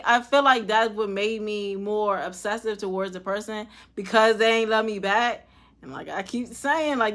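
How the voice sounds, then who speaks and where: Candid young woman vlogger chatting casually. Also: a little high. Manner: candid, profane, drifts soft and quiet when emotional. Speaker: vlogger answering viewer questions. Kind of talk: casual chat.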